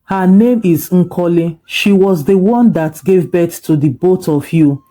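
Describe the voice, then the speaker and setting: A storyteller voicing a kind, patient father recovering from illness, soft and reassuring. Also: medium pitch, a little slow, close to an everyday voice.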